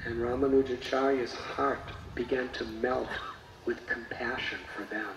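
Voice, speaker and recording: Slow, dramatic storytelling man, echoing. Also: mid-range voice, fairly even intonation, vocal fry, fairly bright tone. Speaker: spiritual teacher. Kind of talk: storytelling sermon. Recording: echoey, distant mic, faint noise.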